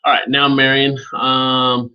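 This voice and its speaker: A man leading a live online training session, speaking informally and calling on attendees by name as he walks through software steps. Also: medium pitch, completely flat delivery, slow pace, clear, resonant tone, dull audio. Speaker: webinar trainer.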